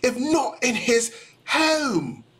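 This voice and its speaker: Pompous elderly English jurist, hammy British accent, high and slow, played by a man. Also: sing-song, a bit bright, breathy edge, heavily acted. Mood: grandiose. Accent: put-on British. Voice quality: exaggerated, theatrical delivery.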